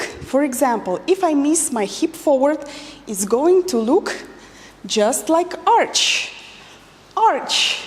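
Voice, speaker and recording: High, lively woman teaching dance. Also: big-room sound. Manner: counts beats and repeats cues rhythmically. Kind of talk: dance lesson instruction with counting.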